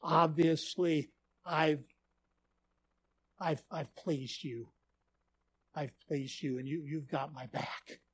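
A man's voice: on the high side, fairly even intonation, slow, pauses often, a little hiss or hum, voice pushed down. A man voicing a smug, self-righteous male Pharisee who boasts complacently in prayer, told as part of a sermon.

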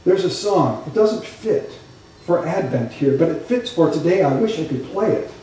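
A man with a high voice preaches a sermon, telling stories with lively, conversational asides. His voice rings through a very echoey church sanctuary. He sounds some distance from the microphone. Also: normal speed, slight background noise. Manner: animated storytelling, conversational asides. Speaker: pastor.

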